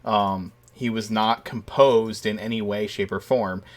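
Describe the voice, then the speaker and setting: A man's voice: lowish voice, measured pace. Laughing man recapping a game session. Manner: laughing, animated retelling of scenes. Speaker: dungeon master host. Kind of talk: casual podcast recap chat.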